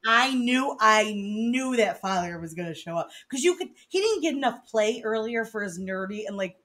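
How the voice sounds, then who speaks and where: A woman with a voice a little higher than most, talking in casual chat. She is expressive, laughs often and swears freely as she reacts to the show's scenes. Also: normal speed. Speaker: podcast co-host.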